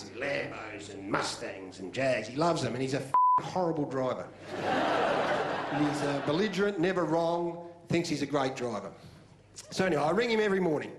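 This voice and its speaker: An Australian man telling crude roasting jokes on a live TV stage, with a deadpan delivery. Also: a little high. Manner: crude, deadpan storytelling with laughs. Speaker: stand-up comedian. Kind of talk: stand-up roast routine. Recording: roomy live studio sound, audience noise. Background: laughing studio audience.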